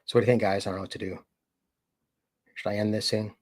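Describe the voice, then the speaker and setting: A man's voice: fairly low pitch, little pitch movement, fast talker. A man hosting a casual live stream, talking to chat in a rambling way, full of fillers and acted-out quotes. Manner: rambling, filler-heavy, acts out quoted voices.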